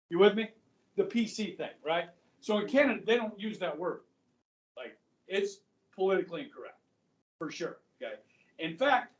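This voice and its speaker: A man's voice: fairly high pitch, distant mic. A middle-aged male history teacher lecturing a class in a chatty way, often checking in with his students. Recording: echoey classroom, voice from afar.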